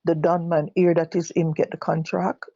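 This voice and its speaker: Gravelly Jamaican woman telling her story. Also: fairly low pitch, flat delivery, mellow, no room sound, dull audio. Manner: halting, repeats and corrects herself while quoting others. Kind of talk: personal testimony told live.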